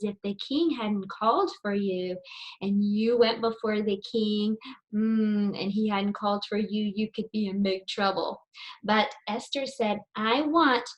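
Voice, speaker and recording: A middle-aged woman teaching preschool children, telling a story and leading circle time in a sing-song, encouraging way, asking them lots of questions. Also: mid-range voice.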